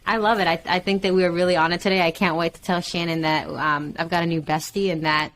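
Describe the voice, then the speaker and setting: A woman with a somewhat low voice hosts a casual faith podcast interview. She talks in an effusive way and agrees and laughs readily. A faint hiss of noise sits under her voice. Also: fairly even intonation, fast talker, fairly bright tone, rough recording. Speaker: podcast host.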